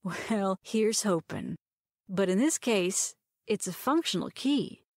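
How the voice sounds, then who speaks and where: A woman's voice: medium pitch, expressive, slow pace, creaky, dry recording, exaggerated voice. A woman reader voicing a self-assured woman doctor and pilot who speaks in a dry drawl. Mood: wry.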